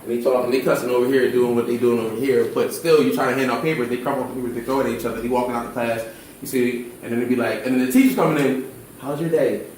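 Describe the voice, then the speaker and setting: A man in his twenties from Philadelphia who works with charter school kids, talking casually in an animated, slangy way with acted quotes. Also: mid-range voice, rapid-fire, heavy reverb, recorded from a distance, a little hiss or hum, rough recording. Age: 20s. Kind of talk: casual discussion.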